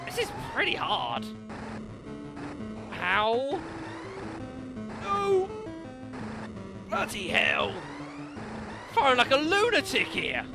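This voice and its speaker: A man commentating a video game, excitable and self-mocking, yelling at the enemies. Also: extremely high pitch, takes it slowly, creaky, pauses often. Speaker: let's play commentator. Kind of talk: gaming commentary. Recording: game music behind the voice.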